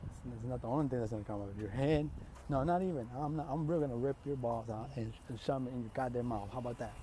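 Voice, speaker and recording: A man's voice: mid-range voice, fast, dark tone, slight background noise, lightly acted. Man doing a furious protective teen boy. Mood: threatening. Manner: blunt, profane, threatening. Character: angry protective teenage boy hero threatening a peeper.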